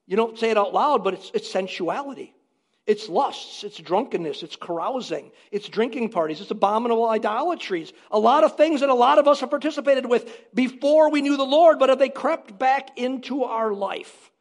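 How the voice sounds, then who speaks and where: A man with a strikingly high voice preaching to his congregation. He is emphatic and drives points home by repeating short phrases. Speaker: pastor. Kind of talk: sermon.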